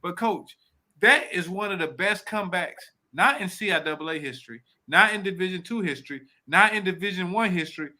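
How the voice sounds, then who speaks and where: A man co-hosting a podcast, talking in an excitable, emphatic way with blunt, mild swearing. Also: high voice, brisk. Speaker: podcast co-host. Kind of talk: casual podcast talk.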